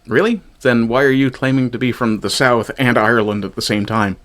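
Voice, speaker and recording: A man's voice: mid-range voice, steady tone, brisk, a bit bright, slight background noise. A man from Newfoundland giving sarcastic, profane reaction commentary on clips. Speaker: commentary streamer.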